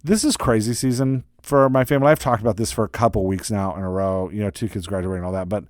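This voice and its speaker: A middle-aged podcast host and writing coach drifts loosely through updates on his casual solo show, rambling, mocking himself, and filling in with fillers and restarts. His fairly low voice stays fairly even and quick, recorded close on a studio mic in a dry, dead room without echo.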